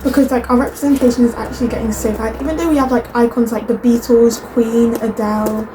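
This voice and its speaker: A woman's voice: on the high side, steady tone, fast talker, background noise. A young woman, chatting in rambling asides as she reacts to clips. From Britain. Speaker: reaction video host. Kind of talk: casual reaction commentary.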